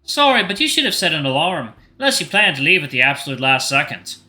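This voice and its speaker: A man's voice: a little high, very animated, quick pace, bright, forceful tone, exaggerated voice. A man voicing a blunt, matter-of-fact young man from a visual novel.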